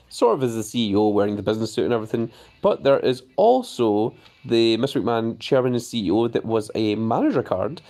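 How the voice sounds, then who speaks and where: A man hosting a casual live stream of a game, chatting about his cards and reading viewer messages aloud before answering them. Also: fairly low pitch. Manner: easily excited, voice jumps up on greetings.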